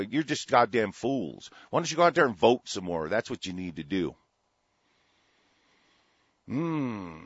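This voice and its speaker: A low-voiced man rants angrily, swearing and stumbling over his words between news items he reads aloud. The sound is dry and dull, like a lo-fi home recording. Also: no room sound. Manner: angry, profane, stumbling ranting. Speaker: host. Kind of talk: ranting commentary over read news.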